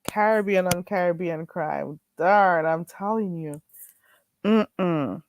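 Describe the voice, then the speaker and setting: A woman hosting a live stream in casual chat, chatty, with drawn-out exclamations. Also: on the low side, slight background noise. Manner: chatty, drawn-out "ooh"s and frequent laughter.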